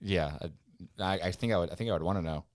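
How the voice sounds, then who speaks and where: Homem jovem de voz grave e límpida, som seco de estúdio, narrando casos num podcast. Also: male voice, low voice, darkish tone, no room sound, clean studio sound. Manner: rambling storyteller acting out quotes. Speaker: podcast guest. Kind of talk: casual podcast chat.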